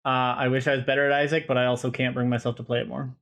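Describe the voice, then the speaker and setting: A man's voice: medium pitch, flat delivery, very fast, fairly bright tone. A man co-hosting a casual podcast, chiming in with teasing, dry remarks. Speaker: podcast co-host.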